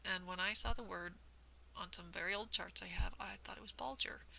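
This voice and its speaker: Woman, vlog host, very creaky gravelly voice, careful patient explaining, self-deprecating, casual chat. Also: on the low side, fairly even intonation, brisk, sharp tone, a little hiss or hum, low-quality recording. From United States. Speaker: host of a cross-stitch vlog.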